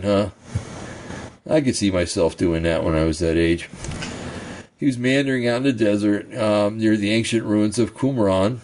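A man teaching from ancient texts, reading passages slowly and breaking off for casual comments and throat-clearing. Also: fairly low pitch, a little mellow, slight background noise. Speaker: bible teacher. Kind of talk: reading scripture and commentary, informal asides.

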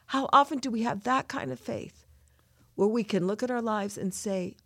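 A woman's voice: a little high, measured pace, gravelly, a bit bright, no room sound, clean studio sound. A woman co-hosting a scripture lesson, talking through a passage in an earnest, heartfelt way. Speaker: podcast co-host teaching scripture. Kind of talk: reflective scripture discussion.

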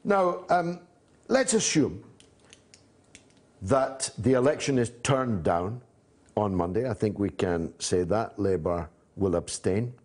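A man with a fairly low voice hosts a political interview. He builds long, measured questions and fills the gaps with frequent "uh" pauses. His tone is steady and leading. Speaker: host.

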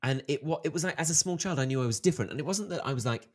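A man in his thirties, an author being interviewed, telling stories in a lively way and acting out the voices of the people he quotes. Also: mid-range voice, fast talker, hardly any pauses. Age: 30s. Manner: animated storyteller, acts out quoted voices. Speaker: author guest. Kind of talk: interview conversation.

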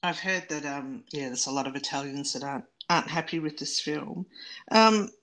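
A woman's voice: low voice, moderate pace, fairly bright tone. A woman co-hosting a podcast, giving frank, opinionated film criticism in casual chat. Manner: opinionated, critical, laughs easily. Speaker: podcast co-host.

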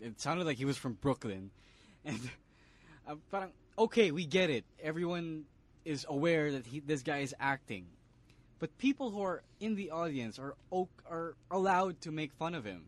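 A man, co-hosting a casual wrestling podcast and breaking down the show, slipping Tagalog into his English. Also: mid-range voice. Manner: analytical, mixes Tagalog into English. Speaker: podcast co-host.

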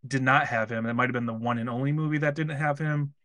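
A man's voice: medium pitch, fairly even intonation, quick pace, a bit bright, no room sound, dull audio. An American man co-hosting a casual movie review podcast, joking and rambling with restarts. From United States. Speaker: podcast co-host.

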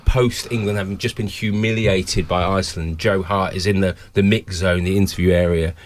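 Deep-voiced man, halting and stop-start. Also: fairly even intonation. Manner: halting, repeats words when starting sentences. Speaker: football journalist. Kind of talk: casual panel chat.

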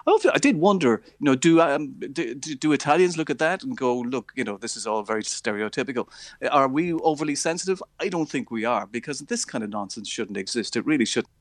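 A man's voice: mid-range voice, lively intonation, a little fast, no echo. A man, a radio movie reviewer, chatting in a scathing, opinionated way with many fillers. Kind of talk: casual radio chat.

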